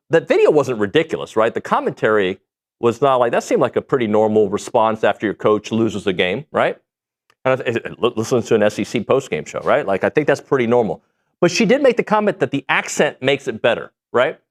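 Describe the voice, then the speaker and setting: A man hosting a sports radio show, chatting casually with jokes and rambling asides. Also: mid-range voice. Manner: animated, joking, rambling.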